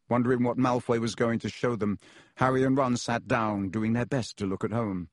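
A man narrating a children's fantasy novel as an audiobook, in a measured, even storytelling manner. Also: medium pitch, dry recording, studio quality.

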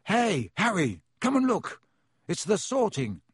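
A man voicing Ron, a young teenage boy wizard with a wry, grumbling way of talking and a husky voice. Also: fairly high pitch, sing-song, unhurried, a little mellow, dry recording, studio quality, heavily acted. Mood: eager.

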